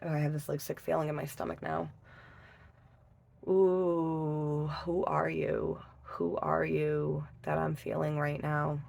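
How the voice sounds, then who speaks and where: A woman giving a casual tarot reading, emotional and halting, swearing often and restarting her sentences. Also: sits low, level tone, vocal fry, darkish tone. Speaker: tarot reader.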